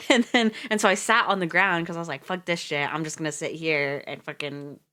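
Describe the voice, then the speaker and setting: A woman's voice: low-pitched, fairly quick, sharp tone. A woman streamer chatting casually on a reading livestream, rambling and chatty, laughing often and swearing freely.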